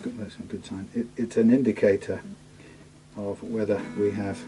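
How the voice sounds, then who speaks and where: Guy, lowish voice, chatty, mumbling to himself, guitar plinking behind. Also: steady tone, normal speed, warm tone, rough recording. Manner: chatty, mutters to himself mid-task, trails off. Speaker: guitar technician vlogger. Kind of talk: casual talk while working. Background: guitar being played and tuned.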